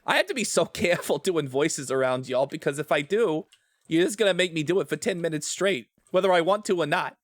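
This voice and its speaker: A man's voice: fairly high pitch, lively intonation, a little fast, dry recording, studio quality. A man chatting casually with viewers while streaming a game, rambling, trailing off mid-thought and laughing often. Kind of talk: casual gaming stream chat.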